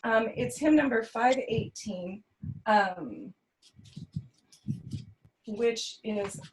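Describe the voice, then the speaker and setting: On a video call, a choir director with a Californian accent explains how she teaches. Her voice is a little high and extremely slow, thoughtful, with many ums and restarts, in a low-quality recording.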